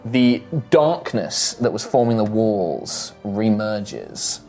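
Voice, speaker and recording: Low-voiced game master. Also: male voice, lively intonation, slow pace, warm tone, soft background music. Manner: descriptive, hedging with "kind of". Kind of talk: narrating a tabletop game.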